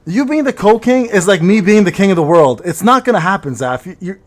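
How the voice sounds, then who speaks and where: A man with a high, bouncy voice that swings all over the place, firing off teasing, swear-filled jabs. He plays up mock outrage at his buddy during casual livestream banter. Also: expressive, a little fast. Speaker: gaming streamer.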